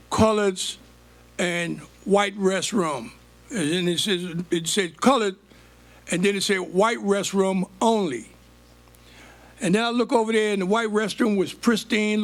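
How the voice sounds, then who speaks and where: An older man, telling stories from his life as a guest speaker on stage. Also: high voice. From United States. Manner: animated storytelling, plays out quoted dialogue. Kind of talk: storytelling on stage.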